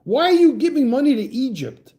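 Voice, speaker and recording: Fired-up ranting man, high and swinging. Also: sing-song, fairly quick, mellow. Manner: heated, profane, stammering restarts. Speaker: livestream host reading chat. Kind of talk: ranting political livestream chat.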